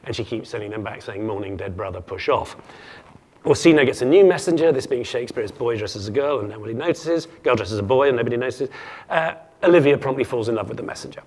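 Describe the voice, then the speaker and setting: A man's voice: mid-range voice, animated, fast, a little mellow. A man giving a humorous keynote lecture to an audience, playful and jokey, often stumbling and restarting his sentences. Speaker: keynote speaker.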